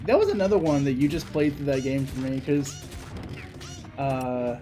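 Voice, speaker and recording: Low, mellow young woman, laid-back. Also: expressive, normal speed, a little hiss or hum. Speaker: co-host of a gaming stream. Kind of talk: casual chat while watching a game.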